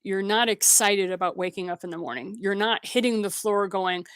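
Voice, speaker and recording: A woman's voice: medium pitch, steady tone, normal speed, fairly bright tone, smooth. Direct, storytelling woman from Missouri. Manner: direct, storytelling, acts out quoted dialogue. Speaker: guest entrepreneur. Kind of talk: interview conversation.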